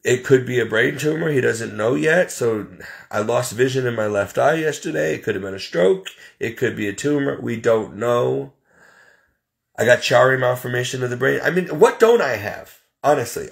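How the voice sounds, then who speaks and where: Gravelly man venting his troubles. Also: mid-range voice, animated, moderate pace. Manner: plain-spoken, exasperated, listing grievances. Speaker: vlogger. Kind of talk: casual personal venting to camera.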